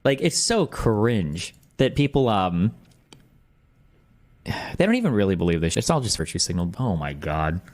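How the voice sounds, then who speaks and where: A man streaming live, reacting to a video with quick, incredulous, sarcastic commentary. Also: on the low side, sing-song, darkish tone.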